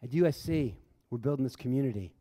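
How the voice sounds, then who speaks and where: A man's voice: medium pitch, animated, quick pace, mellow. Earnest middle-aged man in reverberant hall. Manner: earnest storyteller, repeats phrases for emphasis. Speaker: humanist chaplain speaker. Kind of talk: impassioned public talk. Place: large hall before an audience.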